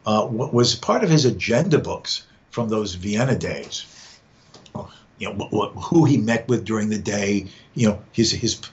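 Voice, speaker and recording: A podcast guest talks through ideas in conversation, often repeating words as he gathers his thoughts. His voice is lowish, animated and unhurried, and the recording is dull and lo-fi with faint background noise.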